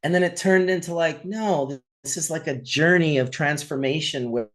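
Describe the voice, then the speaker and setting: A man in his forties, the host, telling stories in casual chat, animated and swearing freely. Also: a little high, moderate pace. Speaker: podcast host.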